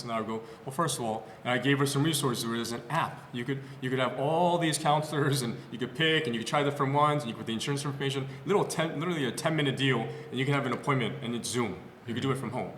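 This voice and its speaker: A fast-talking male physical therapist with a medium pitch swaps patient stories on a podcast, animated and loose with many fillers and restarts. The clinic podcast room adds a long, roomy echo, and a little hiss or hum is audible.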